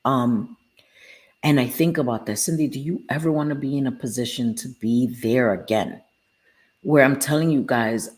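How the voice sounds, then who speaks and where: On a live stream, a woman with a bass voice and darkish tone speaks candidly to her viewers about her recovery at a moderate pace. Earnest and heartfelt, she answers them by reading out their names.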